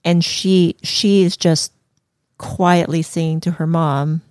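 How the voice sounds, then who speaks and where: A woman's voice: fairly low pitch, fairly even intonation, takes it slowly, darkish tone, no room sound, studio quality. Chatty woman co-hosting a film podcast. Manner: emotional, giggly, many fillers. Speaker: podcast co-host. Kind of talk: casual film review chat.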